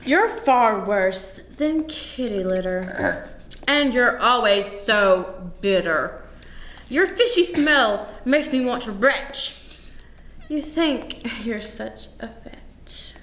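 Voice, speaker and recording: A woman's voice: a little high, lively intonation, drawn-out words, fairly bright tone, heavily acted. A woman playing a sassy cat-themed villainess in an amateur comedy sketch, trading snippy, mocking comebacks in an echoey room. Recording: roomy echo with faint room hum.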